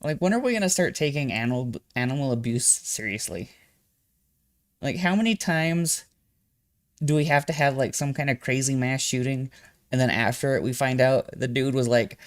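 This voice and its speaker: A young man streaming, reacting to a video with profane, animated storytelling that jumps suddenly loud. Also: medium pitch, moderate pace. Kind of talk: casual live-stream commentary.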